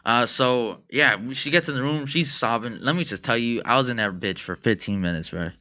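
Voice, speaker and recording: A man's voice: mid-range voice, a little fast, bright, forceful tone. A man co-hosting a podcast, telling a story casually with slang and frequent laughter. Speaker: podcast co-host.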